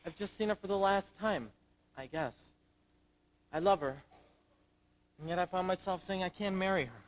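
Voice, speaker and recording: A man's voice: sits high, normal speed, close to an everyday voice, poor audio. A teenage boy acting and singing as a troubled young Marine lieutenant in a school musical on stage. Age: late teens. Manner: anguished, searching, sung ballad. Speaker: student actor in a school musical.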